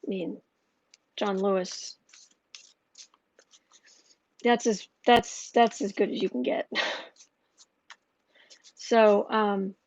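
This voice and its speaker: A woman hosting a tarot livestream in casual chat, thinking aloud slowly with many fillers and restarts. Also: mid-range voice, steady tone, darkish tone.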